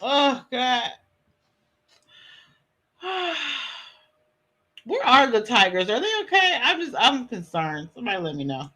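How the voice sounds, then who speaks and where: A woman's voice: a little high, big pitch swings, slow pace, pauses often, sharp tone, low-quality recording. A woman hosting a livestream, chatting with viewers and reacting with dramatic, playful commentary. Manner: chatty, dramatic, laughing asides to chat. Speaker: livestream host reacting to a clip. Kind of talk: casual commentary.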